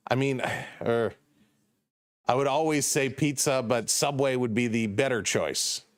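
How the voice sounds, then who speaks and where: Mid-range and measured, his voice comes through dry and at studio quality. This livestream play-by-play host from Toronto, Canadian accent and all, chats casually, calls the baseball action, and greets viewers by name while swinging from calm to excited, clearly tired and up past bedtime after the late game.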